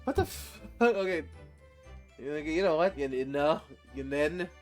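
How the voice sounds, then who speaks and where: A male streamer commenting live on a game, excitable and swearing, with sudden loud outbursts. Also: fairly high pitch, measured pace, soft background music.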